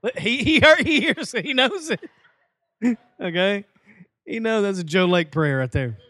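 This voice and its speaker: A man preaching a sermon as pastor, lively, with folksy asides and acted-out quotes. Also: sits high, unhurried, no echo.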